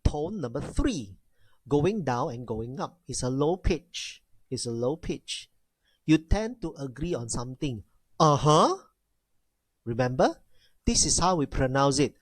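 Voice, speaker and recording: Man, language teacher, unhurried, repeats himself, exaggerated tone demos, dry sound. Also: mid-range voice, lively intonation, breathy edge, no echo. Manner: repeats key phrases, addresses class as ladies and gentlemen; demonstrates tones with exaggerated sounds. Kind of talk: classroom lecture.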